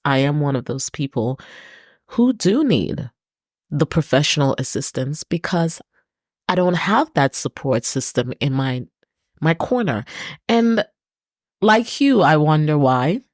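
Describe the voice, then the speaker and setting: Slow, low-voiced woman in reflective talk. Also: a little mellow, no room sound, clean studio sound. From Britain. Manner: earnest, emphatic, repeats words for stress. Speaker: podcast host. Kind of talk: personal reflective monologue.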